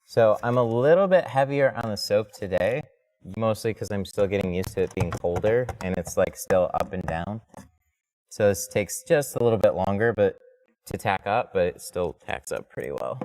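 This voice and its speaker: Low-voiced man chatting on a headset. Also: normal speed, darkish tone. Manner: chatty, loose, swears when flustered. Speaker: window tint installer streaming live. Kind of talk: casual live-stream talk while working.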